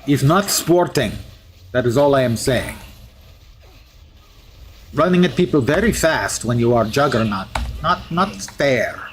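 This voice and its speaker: A man's voice: medium pitch, animated, measured pace, pauses often, slight background noise, lightly acted. A man putting on a mock Russian accent to voice a boastful steel-skinned male mutant hero, speaking in formal, article-dropping phrases during in-character game commentary. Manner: formal, article-dropping, grandly self-praising.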